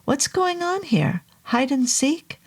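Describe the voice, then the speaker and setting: A woman's voice: on the high side, animated, unhurried, darkish tone, pitched above the performer's own voice. A woman voicing a puzzled, skeptical male doctor who keeps asking bewildered questions.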